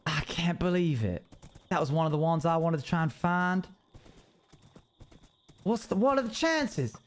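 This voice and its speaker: A man's voice: a little high, expressive, unhurried. A man streaming a game live, chatting with viewers and grumbling in playful mock annoyance.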